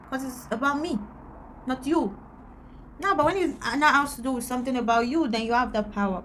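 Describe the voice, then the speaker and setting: A woman's voice: on the high side, a little hiss or hum. A woman, ranting candidly to camera as a vlogger, blunt and emphatic, repeating her points for stress. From Antigua.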